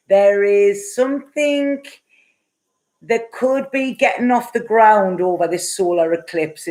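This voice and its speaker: A middle-aged woman chats her way through a live tarot reading, picking up viewer comments as she goes. She rambles and laughs often, with plenty of fillers. Her voice sits at an ordinary middle pitch. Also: a little mellow. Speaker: tarot reader.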